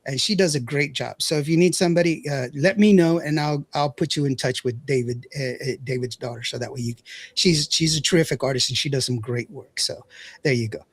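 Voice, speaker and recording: A man's voice: medium pitch, fairly quick. A man hosting a radio show, chatting casually, reading out viewer comments and laughing often. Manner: chatty, laughs often, stumbles over words.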